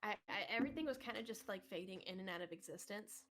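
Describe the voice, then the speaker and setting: A woman's voice: mid-range voice, lively intonation, fast talker, fairly bright tone. A woman telling a long funny story on a podcast in casual chat, laughing often and acting out other people's lines. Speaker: podcast co-host.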